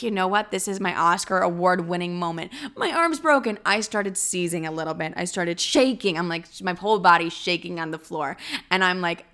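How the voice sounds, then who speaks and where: Young woman podcaster, bright sharp voice, super animated storytime, swears a lot. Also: clean tone. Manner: animated, crude, swears freely, acts out quotes in a high voice. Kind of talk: casual storytime monologue.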